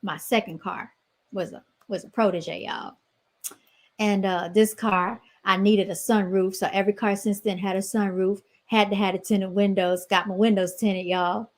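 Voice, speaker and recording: A woman's voice: mid-range voice, fairly even intonation, moderate pace. Chatty woman podcaster telling stories. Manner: chatty storytelling, keeps addressing listeners as y'all. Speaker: podcast host. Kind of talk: casual podcast monologue.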